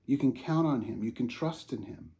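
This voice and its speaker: Male pastor, earnest and conversational, very dark mellow voice, short devotional to camera. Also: mid-range voice, lively intonation, moderate pace. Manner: earnest, conversational, addresses viewers as folks.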